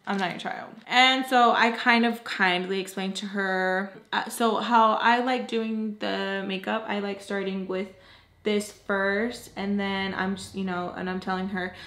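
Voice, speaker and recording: A woman's voice: medium pitch, steady tone, a little slow, a bit bright. A young woman makeup artist telling a story time in a casual, exasperated way, full of fillers. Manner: exasperated, chatty, heavy use of "like". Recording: echoey room.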